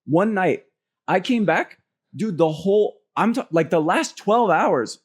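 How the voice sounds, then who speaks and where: A man co-hosting a podcast in casual chat, telling stories in an animated, profane way. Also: high-pitched, a little slow, husky. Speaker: podcast co-host.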